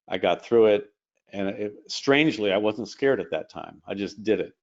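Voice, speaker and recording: Male airline captain guest, low voice, animated storyteller, muffled stream audio. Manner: animated, fast retelling with quoted dialogue. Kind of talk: casual interview storytelling.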